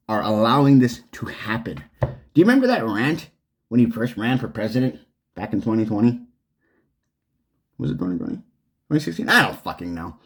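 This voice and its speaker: Furious male vlogger, profane sarcastic rant, lively up-and-down delivery. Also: lowish voice, moderate pace. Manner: swearing, heated, sarcastic. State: angry.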